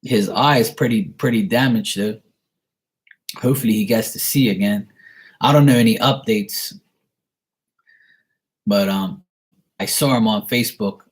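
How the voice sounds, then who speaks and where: A lowish-voiced man talks a bit slowly with long pauses as he gives a tarot reading and replies to viewers on a live stream. His chat is casual and meandering, heavy on "you know," blunt and occasionally crude.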